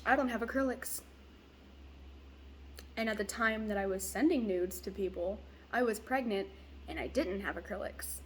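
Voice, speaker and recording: A woman's voice: mid-range voice, moderate pace, a little hiss or hum. A young woman venting bluntly in a casual vlog, swearing freely as she rants. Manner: blunt, profane, ranting. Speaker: vlogger.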